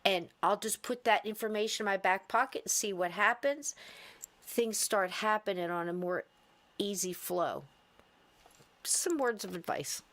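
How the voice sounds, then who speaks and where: A woman's voice: medium pitch, measured pace, a bit bright. Woman podcast host, casual and talkative, easy laughter. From US East Coast. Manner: chatty, rambling, laughs often.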